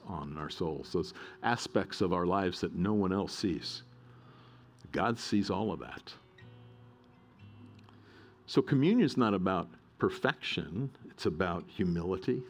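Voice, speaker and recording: A middle-aged male pastor preaching a sermon, earnest and emphatic, repeating key phrases. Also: low-pitched.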